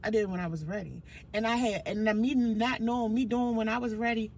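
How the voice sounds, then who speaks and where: A woman's voice: a little high, fairly even intonation, a little fast, hardly any pauses, darkish tone, a little hiss or hum. A woman guest on a casual podcast, emphatic and profane as she retells conversations.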